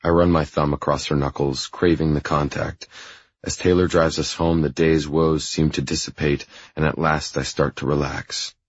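A man narrating a first-person audiobook in a low, intimate, even reading style. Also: moderate pace, husky, dry recording, lo-fi sound.

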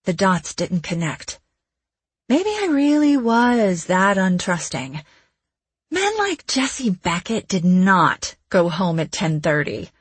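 A woman's voice: lowish voice, sing-song, takes it slowly, breathy edge, dry recording. A woman narrating first-person fiction in a wry, conversational way. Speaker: audiobook narrator.

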